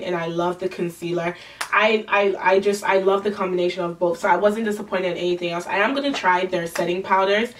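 A young woman with a nasal voice talks through a casual makeup review, gushing and often stopping to restart her sentences. Her voice sits in an ordinary middle range, and she sounds a little distant from the microphone. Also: medium pitch. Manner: chatty, gushing, with frequent fillers and restarts. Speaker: beauty vlogger.

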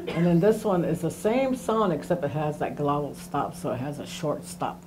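A woman's voice: low voice, normal speed, darkish tone, slight background noise. A woman teaching a language class, patiently repeating sounds to demonstrate them. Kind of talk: classroom lesson.

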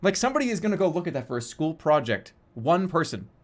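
A man streaming a game, rambling and joking about himself, then breaking into excited shouts. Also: a little high, fast. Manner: rambling, self-mocking, bursts into excited shouting. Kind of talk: casual live-stream commentary while gaming.

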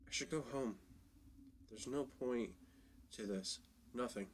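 A man's voice: mid-range voice, unhurried, a little hiss or hum, close to an everyday voice. A man voicing a troubled young man wandering ruins, read in a subdued, hesitant way. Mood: gloomy.

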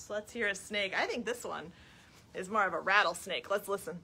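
A woman's voice: mid-range voice, moderate pace, gravelly, bright, forceful tone, slightly rough. A woman, a children's librarian, reading a picture book aloud at storytime in a sing-song voice and coaxing young listeners with questions. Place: library, recorded for a live video stream.

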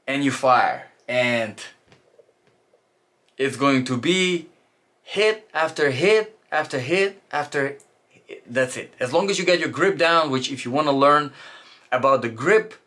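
A man's voice: mid-range voice, sharp tone. A man giving a casual instructional talk as a shooting instructor, loose and chatty with fillers and restarts.

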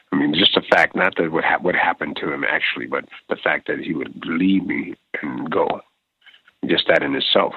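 Deep raspy american guy on a tinny phone line, talks in halting starts. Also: no room sound. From United States. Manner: emotional, halting, many restarts. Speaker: drummer guest. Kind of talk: phone interview.

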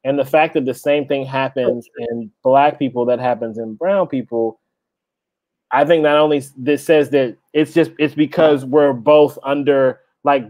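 A man talking as a guest chef in a relaxed, loose chat, often trailing off and restarting his sentences. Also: medium pitch, no echo, low-quality recording. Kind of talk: casual chat.

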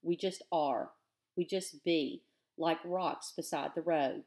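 A woman's voice: deep voice, slow pace, darkish tone. A woman voicing a weary, earnest rustic father who talks in plain country grammar. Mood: pleading.

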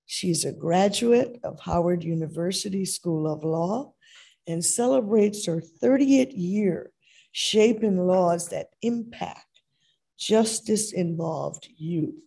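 A woman's voice: fairly low pitch, takes it slowly, creaky, mellow, breathy edge. A woman moderating a conference session, reading a formal introduction of the next speaker.

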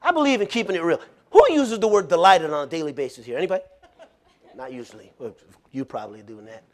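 A male pastor preaching a sermon in a folksy, plain-spoken way, telling animated stories with frequent laughter. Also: fairly high pitch, quick pace.

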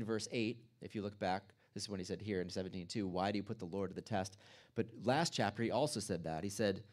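A man preaching a sermon as pastor, reading scripture aloud and then explaining it in a conversational way, with small asides. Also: lowish voice. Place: church.

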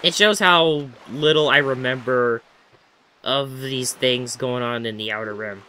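A man's voice: medium pitch, measured pace, pushed and bright, slight background noise. A man giving casual let's-play commentary, chatty and rambling as he talks to himself while playing.

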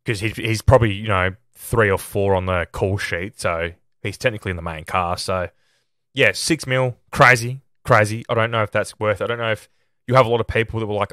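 A man's voice: fairly low pitch, fairly even intonation, brisk, bright, forceful tone, no room sound, clean studio sound. A man hosting a film podcast, chatting casually and giving his opinions on a movie. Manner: chatty and opinionated, often starts with "look". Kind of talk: casual film review monologue.

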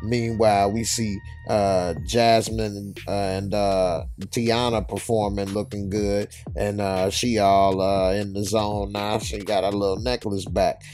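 Brief: low-voiced man, casual TV reviewer, slangy, faint music behind. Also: level tone, a little slow, few pauses, a little mellow. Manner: laid-back, slangy, lots of "uh" fillers. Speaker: TV episode reviewer. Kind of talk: casual recap narration.

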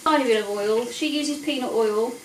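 A woman's voice: fairly high pitch, moderate pace, heavy background noise. A woman chatting casually and mocking herself as she cooks in her home kitchen, recorded on a camera set back across the room. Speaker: home cooking vlogger. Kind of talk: casual cooking vlog chat. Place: home kitchen with boiling pots. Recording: echoey kitchen from a distance.

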